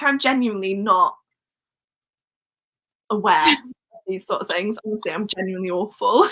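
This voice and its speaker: A woman's voice: medium pitch, bright, forceful tone, poor audio. A young woman with a Welsh accent hosting a casual book livestream, giggling and chatting as she reads out viewer comments. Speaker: book channel host.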